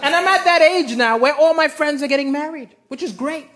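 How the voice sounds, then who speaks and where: High-voiced man doing stand-up. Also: a little fast. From Malawi. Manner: animated, exaggerated punchlines and acted-out voices. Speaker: stand-up comedian. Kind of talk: stand-up comedy set. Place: large theatre stage. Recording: roaring live audience, noisy stage mic.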